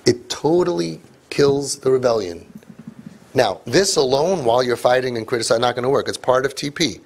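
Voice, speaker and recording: A man, a parenting coach, speaking to a live audience in an animated, joking way with quick asides. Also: mid-range voice, a little hiss or hum. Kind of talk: live parenting seminar talk.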